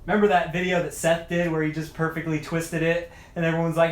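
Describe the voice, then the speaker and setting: This mountain bike video maker, tired from long hours, keeps up casual livestream chatter and mutters to himself while wrenching on a bike. His pitch is a little high and his pace moderate. The echoey room carries faint noise.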